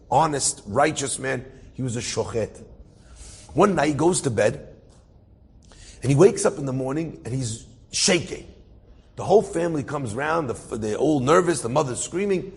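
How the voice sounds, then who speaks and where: A male rabbi tells a story with a slightly husky, breathy voice. He speaks at an even, middling pitch and acts out the characters with rising emotion. The sound carries a long reverb, as if he is in a large hall. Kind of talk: storytelling talk.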